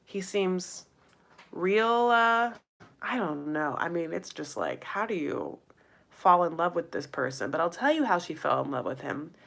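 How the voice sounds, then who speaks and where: A woman recaps a reality show in a casual, gossipy chat, filling her talk with "like" and playful asides, and calling viewers "you guys" and "honey." Her voice is on the low side and creaky with a fairly bright tone. She uses lively intonation at a measured pace.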